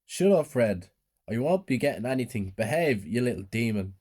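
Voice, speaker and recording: A cold, scolding stepmother who snaps at a child, as a male narrator puts her on. Her voice is slightly raised and sharp, over a mellow, low tone. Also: expressive, brisk, lightly acted.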